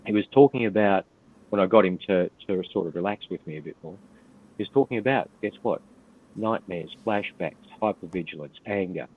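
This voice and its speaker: Deep-voiced older Australian man, tinny line. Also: slightly rough. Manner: blunt, profane, laid-back storyteller. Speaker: podcast guest, retired police officer. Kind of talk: storytelling in casual interview.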